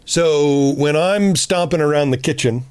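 A man's voice: a little high, measured pace, clear, resonant tone, no room sound, studio quality. A man co-hosting a relationship podcast, talking bluntly with plenty of swearing and acting out quoted lines. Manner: blunt, profane, animated quoting of himself. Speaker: podcast co-host. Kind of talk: casual relationship advice chat.

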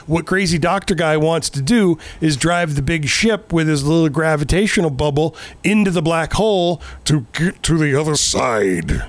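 A man's voice: a little high, animated, normal speed, hardly any pauses. A man in casual chat recapping a movie in a rambling, sarcastic way, swearing often. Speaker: podcast co-host.

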